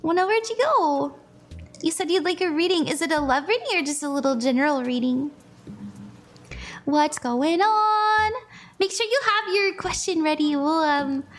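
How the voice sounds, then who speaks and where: A young woman with a high-pitched, slightly bright voice does a casual tarot reading on a live stream. She's chatty and bubbly, laughs often, and greets viewers by name.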